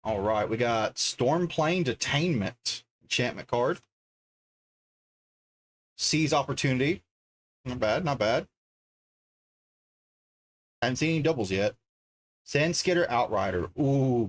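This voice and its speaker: A man talks his way through a casual livestream from his home desk. His voice sits at an ordinary middle pitch, and he rambles loosely, thinking aloud as he reads out one name after another. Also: expressive, normal speed, pauses often. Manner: chatty, thinks aloud, reads card names as he goes. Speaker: livestreamer opening card packs.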